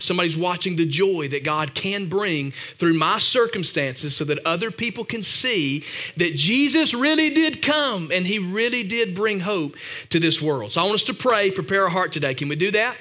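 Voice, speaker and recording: A man preaching in a church room, his voice pitched high for a man and ringing brightly. He talks to the congregation as a pastor, loosely and conversationally, mixing personal stories with joking asides. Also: lively intonation, moderate pace. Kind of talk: sermon.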